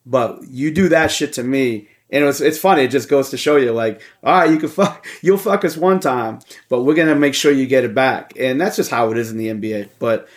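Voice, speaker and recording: A man co-hosting a podcast, telling a story in casual chat with heavy swearing and animated energy. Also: mid-range voice, a little fast, few pauses. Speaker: podcast co-host.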